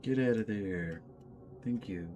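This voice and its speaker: A man's voice: lowish voice, slow, mellow, a little hiss or hum. A man casually chatting while he assembles miniatures. He is laid-back and profane and laughs often. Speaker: channel host.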